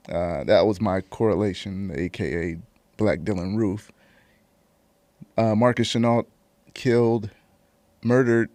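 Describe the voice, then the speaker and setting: A man's voice: fairly low pitch, darkish tone, no room sound. A man co-hosting a talk show, telling a story hesitantly with many ums. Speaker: co-host. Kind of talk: casual chat.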